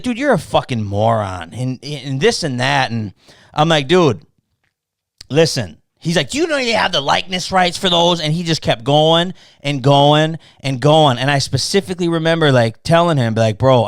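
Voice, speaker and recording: A male podcast host with a fairly high pitch tells a story in casual conversation, swearing a lot and acting out both sides of an argument in animated fashion. The recording is dry with clean studio sound.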